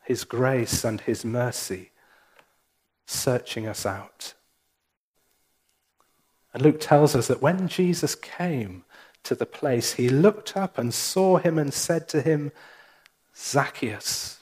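A man, the church's minister, preaching a sermon in a church, with slow, measured delivery and pauses. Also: mid-range voice, animated, darkish tone.

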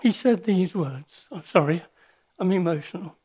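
An older man giving a sermon with personal stories, speaking in an earnest, reflective way with pauses and restarts. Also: sits high, expressive, mellow, breathy edge.

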